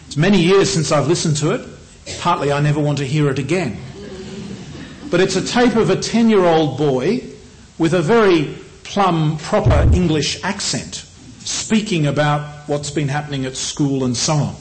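A middle-aged preacher with an Australian accent, his voice sitting a little higher than most men's. He speaks in a measured, earnest sermon style and often slows down to press a point home. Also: slight background noise, rough recording.

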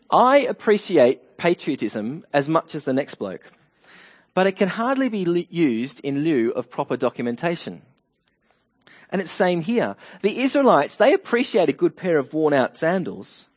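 A man preaches with humor and brings in stories along the way. His voice is animated and sits a little high. The sound is dull and lo-fi. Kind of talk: sermon with Bible reading.

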